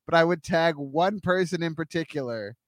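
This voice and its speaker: A man's voice: on the high side, moderate pace. A man co-hosting a comedic podcast, talking casually and playfully, riffing off on tangents. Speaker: podcast co-host.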